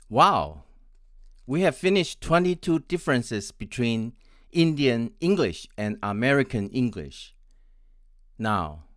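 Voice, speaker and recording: A man's voice: medium pitch, no echo, studio quality. A man in his sixties from Taiwan, teaching English in a scripted lesson, spelling words out letter by letter and repeating each one. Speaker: English speaking coach.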